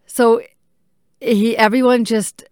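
A woman in her thirties, a mother speaking candidly and reflectively, thinking aloud with pauses. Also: a little high, steady tone, darkish tone, clear, resonant tone, dry recording, studio quality. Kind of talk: personal talk to camera.

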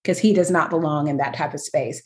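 A woman's voice: low-pitched, a little fast, a little mellow, echoey room. A woman chatting casually as a guest, self-deprecating and laughing often as she talks. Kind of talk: casual chat.

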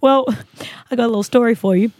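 A woman's voice: a little high, fast talker, darkish tone, dry recording. A young Australian woman co-hosting a podcast, telling stories in casual chat with lots of giggles. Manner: chatty, giggly storyteller. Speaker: podcast co-host.

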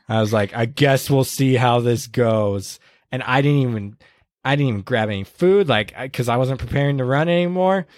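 A man casually retelling a hard race on a podcast, earnest and halting, with many restarts and quoted lines. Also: medium pitch, no echo, clean studio sound. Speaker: podcast host recounting a race. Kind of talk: casual storytelling chat.

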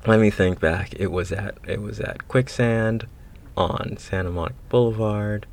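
Casting: man, very deep gravelly voice, easygoing podcast co-host, playful self-mockery. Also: moderate pace. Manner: playful, self-mocking, drops into a low growl for emphasis. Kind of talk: casual chat.

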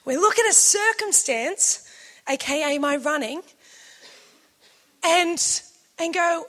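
Animated high bright woman preaching. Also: slow, long pauses. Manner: animated, acts out quotes, laughs often. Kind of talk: sermon storytelling.

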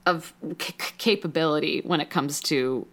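A woman's voice: sits low, normal speed. A young woman co-hosting a podcast, chatting casually and emotionally about a TV episode, full of "like" fillers and restarts. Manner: rambling, many "like" fillers, emotional and animated. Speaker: podcast co-host. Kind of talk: casual recap chat.

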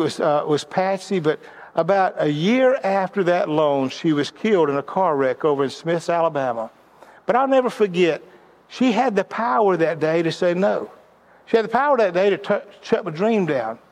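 High-voiced man teaching with stories. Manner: storytelling, repeats words as he restarts. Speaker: leadership teacher. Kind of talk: sermon-style teaching.

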